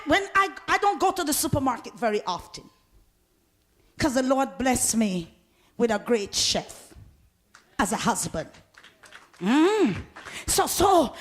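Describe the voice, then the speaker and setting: Fervent woman preacher, high and bright, lively delivery that breaks into shouts. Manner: fervent, swings from talk to shouting; laughs often, calls on the congregation. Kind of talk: sermon.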